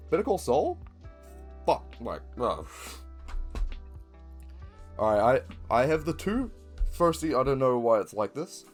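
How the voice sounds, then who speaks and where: A man's voice: mid-range voice, very animated, measured pace, pauses often, soft background music. A young man with a New Zealand accent chatting casually, rambling with lots of ums and swearing. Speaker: video creator. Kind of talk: casual chat.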